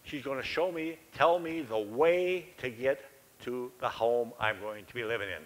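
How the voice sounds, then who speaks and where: A man's voice: medium pitch, normal speed, rough recording. An older man preaching a sermon in a church, telling a personal story in a folksy, conversational and self-deprecating way.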